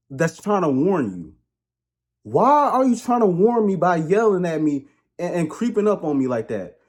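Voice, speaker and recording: A man delivers a comedic movie review in a husky, slightly raspy voice that sits a bit high for a man. His pitch leaps around constantly as he rambles, jokes and rants. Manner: animated, rambling, joking and ranting.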